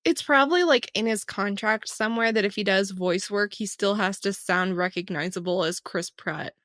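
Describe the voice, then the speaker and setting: A woman co-hosting a podcast in casual chat, wry and quick to laugh. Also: medium pitch, fairly bright tone, dry recording, clean studio sound. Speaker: podcast co-host.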